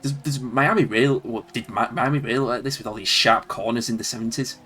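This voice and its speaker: Fairly quick and medium-pitched, this game streamer from Leeds, England sounds bright and forceful over slight background noise. He rambles through casual live-stream commentary on old games in a Yorkshire accent, chuckling and talking to himself while playing.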